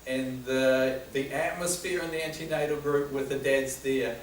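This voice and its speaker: In an informal lecture at a men's health talk, a man tells stories in a conversational, anecdotal way. His mid-range voice stays fairly even at a moderate pace. A distant mic in a spacious hall catches faint ambience and slight background noise.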